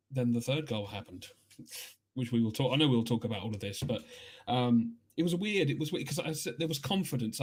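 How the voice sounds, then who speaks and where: An enthusiastic man chats as a podcast co-host. He is often halting and restarts his sentences, and his voice sits at an ordinary middle pitch. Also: darkish tone. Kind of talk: casual chat.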